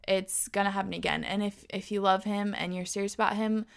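Earnest young woman with a gravelly voice. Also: medium pitch, fairly even intonation, fairly quick. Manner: earnest, gets heated, repeats pleas. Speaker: advice vlogger reading follower confessions. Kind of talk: reading messages and giving advice.

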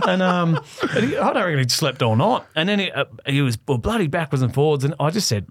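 Brief: forties Aussie bloke, comedian guest, animated yarn-spinner, dry close sound. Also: male voice, on the high side, brisk, no room sound. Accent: Australian. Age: 40s. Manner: animated, swearing storyteller who laughs often. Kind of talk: casual storytelling chat.

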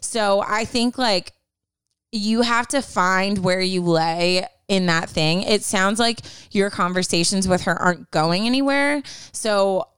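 A young woman speaks in a candid, chatty way and fills her advice with likes and ums. Her voice is very smooth and resonant. The recording is dry and close, with no room around her. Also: mid-range voice, takes it slowly, a bit bright, dry recording. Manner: candid, chatty, many fillers. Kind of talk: casual advice chat.

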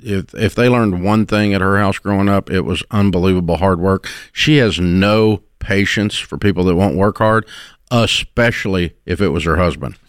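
Middle-aged guy, folksy and blunt, lowish voice, dry close sound, radio advice host. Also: moderate pace, clean tone, no echo. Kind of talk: call-in radio advice talk.

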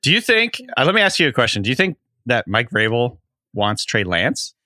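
A man co-hosting a sports podcast in a playful, teasing way, quick to laugh. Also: medium pitch, big pitch swings, pushed and bright, dry recording, studio quality. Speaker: podcast co-host. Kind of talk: casual sports podcast banter.

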